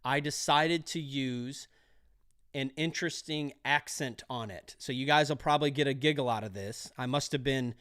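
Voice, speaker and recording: A man coaching electricians for their exam, energetic and pep-talking, repeating key phrases. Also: medium pitch, normal speed, clear, resonant tone. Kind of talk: motivational trade lesson.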